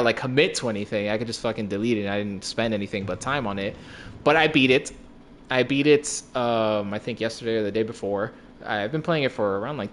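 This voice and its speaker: A man's voice: mid-range voice, fairly bright tone, slight background noise. A young man in casual chat about video games, laid-back, swearing freely and repeating words as he talks.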